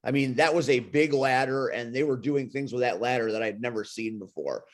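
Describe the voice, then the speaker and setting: A man's voice: mid-range voice, fairly quick. A man hosting a casual talk, reflective and chuckly, with many fillers. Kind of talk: casual chat.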